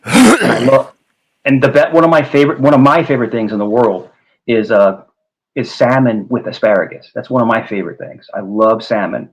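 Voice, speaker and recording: A man's voice: mid-range voice, fairly quick, low-quality recording. A man with a New York accent chatting casually about food, rambling and often repeating himself. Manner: rambling, repeats words, says bro a lot. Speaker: host. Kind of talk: casual chat.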